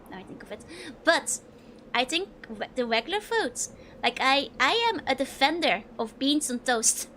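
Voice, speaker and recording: A woman's voice: sits high, pushed and bright, slight background noise. A young Dutch woman with a Dutch accent, chatting casually and giggling as she streams a game and answers her chat. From Netherlands.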